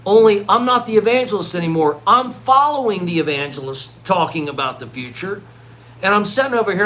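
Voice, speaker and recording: A man's voice: high-pitched, brisk. A middle-aged man delivering a worked-up vlog rant, full of restarts and repeated words. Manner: animated, worked-up ranting with many restarts. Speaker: vlogger. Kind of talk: ranting vlog monologue.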